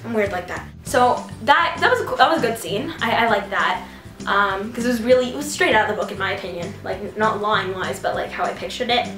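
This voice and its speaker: A film reviewer gives a casual movie review, gushing and rambling with lots of "like." Her mid-range voice is animated, a little fast, and a bit bright, recorded in an echoey room on a distant mic with music behind.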